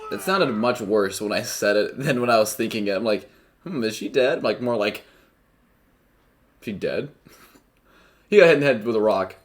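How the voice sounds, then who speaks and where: A man's voice: on the low side, moderate pace. A man giving let's play commentary over a game, joking and mocking its old-fashioned dialogue. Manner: jokey, mocks the game's old-fashioned dialogue. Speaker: game streamer.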